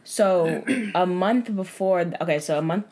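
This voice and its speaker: Low-voiced young woman telling a dating story. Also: measured pace. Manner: profane, animated retelling with many fillers. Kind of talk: casual storytelling chat.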